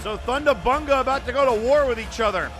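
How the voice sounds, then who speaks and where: A man calling play-by-play for an online wrestling show, excitable and bursting into frantic shouting at big moments. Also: very high-pitched, fast talker. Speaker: wrestling commentator. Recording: loud music and crowd noise behind.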